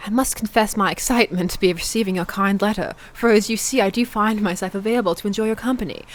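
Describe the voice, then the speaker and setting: A woman voicing a formal, old-fashioned gentleman with a fake British accent, reading his flowery letter. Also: mid-range voice, fast, close to an everyday voice. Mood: grandly formal. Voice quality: pompous, theatrical.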